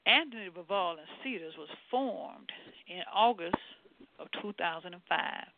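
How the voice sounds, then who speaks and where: Gravelly woman co-host on a phone line. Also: lowish voice, expressive, moderate pace, no room sound. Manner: loud, playful, teasing. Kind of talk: casual radio show chat and announcing. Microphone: phone call-in.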